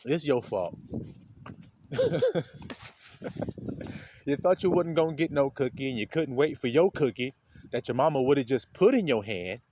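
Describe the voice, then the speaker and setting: A man's voice: mid-range voice, a little slow, long pauses, a little hiss or hum. A man giving an informal, blunt spiritual talk, laughing often as he preaches. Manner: animated, laughing, streetwise and blunt. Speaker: spiritual speaker.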